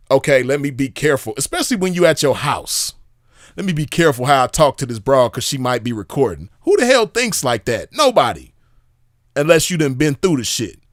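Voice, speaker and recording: A man's voice: on the high side, no echo, clean studio sound. A man giving casual, emphatic commentary, repeating himself, swearing and firing off rhetorical questions. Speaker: commentator reviewing drama.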